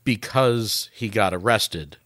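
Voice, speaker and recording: A man acting as fact checker in a casual podcast chat, measured and analytical. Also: lowish voice, a bit bright, no echo, clean studio sound.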